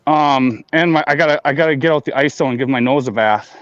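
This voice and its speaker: A man chatting casually on a live stream, rambling and repeating words, high and talking with a blunt in his mouth. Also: quick pace, no room sound, lo-fi sound. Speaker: grower showing plants on a live stream.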